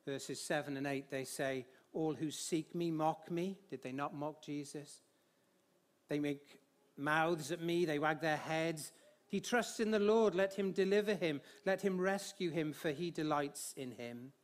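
A man preaching a sermon, reading scripture aloud and building to emphatic, expressive phrases. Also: on the high side, unhurried. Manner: light humor with the congregation, sings hymn lines.

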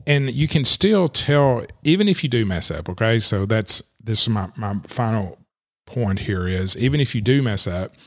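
Lowish-voiced man coaching fellow lawyers. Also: expressive, moderate pace, a bit bright. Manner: conversational, repeats "okay" to check in; acts out quoted callers and caseworkers. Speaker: elder law coach and attorney. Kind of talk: solo podcast monologue.

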